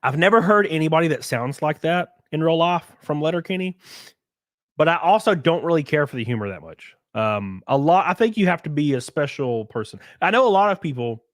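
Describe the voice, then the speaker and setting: His voice a little high and a little fast, a Southern US streamer host from Alabama rants profanely and casually on his livestream while stuffy from a runny nose. He's animated and mocking, and the studio-quality recording has no room sound.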